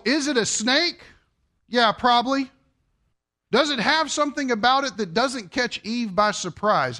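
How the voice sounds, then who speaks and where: A man's voice: high voice, sharp tone. A man preaching a sermon. He keeps asking the congregation rhetorical questions and acts out quoted voices. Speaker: pastor.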